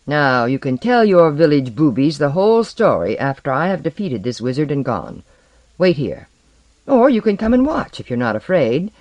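A man's voice: on the high side, big pitch swings, normal speed, a little mellow, no echo, muffled recording. A man voicing an arrogant, boastful sorcerer sea lord in a story reading, taunting, proud and commanding. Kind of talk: audiobook reading.

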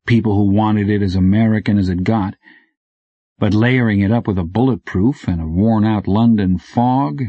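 A man narrating an audiobook in a low, even, hard-boiled delivery. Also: husky, no echo. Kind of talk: scripted narration. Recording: dull dry recording.

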